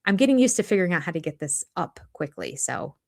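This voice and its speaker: An older woman hosting a live chat with viewers about a reality show, casual and animated, with restarts and quoted asides. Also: fairly low pitch, fast talker, vocal fry. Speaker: livestream host of a reality TV recap channel.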